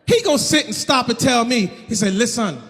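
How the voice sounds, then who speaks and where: Male comic, 30s, loud and animated, high pitch, live stage set with hall echo. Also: fairly quick. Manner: loud, shouting, animated storytelling. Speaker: stand-up comedian. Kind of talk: live stand-up comedy. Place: comedy stage in Miami.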